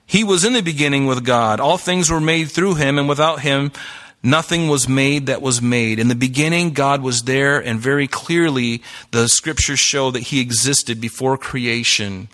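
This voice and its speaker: Bright-voiced man preaching a sermon. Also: medium pitch, moderate pace. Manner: earnest, explains Greek words, quotes scripture. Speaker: pastor. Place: church hall with live audience.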